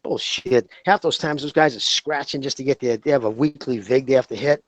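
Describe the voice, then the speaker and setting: A man's voice: mid-range voice, a little fast, no echo, poor audio. A man co-hosting a podcast in casual chat, talking in a heated, profane, rambling way. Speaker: podcast co-host.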